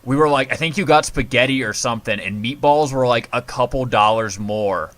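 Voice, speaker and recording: A man's voice: medium pitch, a little fast, fairly bright tone. A man co-hosting a podcast, telling anecdotes in casual chat, swearing and laughing freely. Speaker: podcast co-host.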